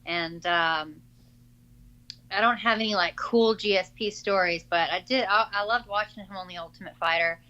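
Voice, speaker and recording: A young adult woman fighter answering interview questions in a halting, filler-heavy casual way over a call. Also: mid-range voice, pushed and bright. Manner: halting, many fillers and restarts. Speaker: MMA fighter being interviewed. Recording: dull lo-fi call audio.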